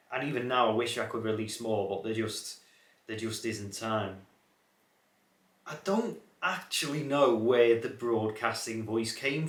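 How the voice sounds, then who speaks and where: Young man with a light Scouse accent. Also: mid-range voice. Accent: watered-down Scouse. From Liverpool area, England. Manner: rambling, many fillers and restarts. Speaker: car channel host. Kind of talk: casual reflective chat to camera. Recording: echoey room.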